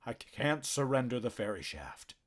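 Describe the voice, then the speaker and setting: A man's voice: medium pitch, very animated, normal speed, pitched above the performer's own voice. A man voicing a frightened but defiant male hoofed herd officer in an audiobook, speaking in a tense, strained way. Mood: desperate defiance.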